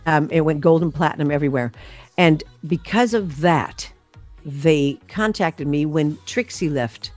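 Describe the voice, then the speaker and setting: A woman singer telling stories about her career in a casual interview, animated, with many fillers and restarts. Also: low-pitched, unhurried, soft background music.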